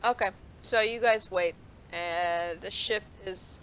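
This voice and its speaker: A woman's voice: lowish voice, takes it slowly, a bit bright, faint music behind. A woman running a tabletop game as game master, narrating in a laid-back, teasing way and laughing often.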